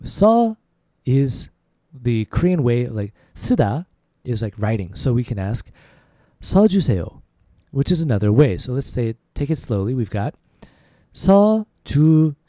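A man teaching a language lesson on a podcast in an easy, casual way, full of fillers. His voice is mellow and sits a little high, and it is recorded dry and close with no room sound. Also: sing-song, no echo. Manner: repeats phrases slowly, then faster, for drilling.

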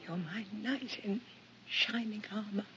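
An older actress playing a devoted, affectionate elderly wife in a film trailer, with a gentle way of speaking. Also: female voice, mid-range voice, unhurried, natural voice. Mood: tender. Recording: muffled film trailer audio with music.

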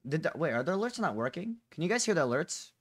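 A fast-talking live streamer with a medium-pitched, very animated voice chats casually with viewers from home, recorded on a close condenser desk mic with no room sound. They come across restless and curious, frequently saying "bro" and "dude."

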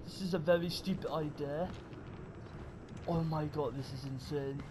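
A man's voice: fairly high pitch, fairly even intonation, unhurried. A man, panicking and swearing through a horror game let's play while talking to his viewers. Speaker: gamer. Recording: loud game noise behind the voice.

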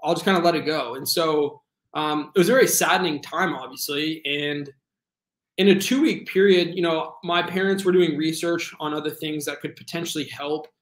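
A man in his twenties, a guest telling his story in a casual, earnest way, full of fillers and animated retelling. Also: a little high, normal speed, roomy sound. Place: home room.

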